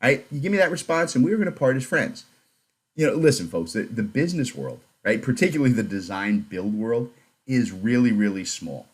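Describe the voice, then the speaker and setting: A man's voice: mid-range voice, animated, a little fast, slightly rough. A man hosting a podcast, chatting casually in a joking, blunt way. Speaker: podcast host.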